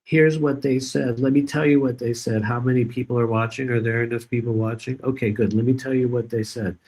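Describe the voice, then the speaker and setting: Brief: man doing a petulant streamer voice, pitched up, whining for viewers. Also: fairly even intonation, brisk, a little mellow, close to an everyday voice, poor audio. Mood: whiny. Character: whiny attention-seeking male streamer.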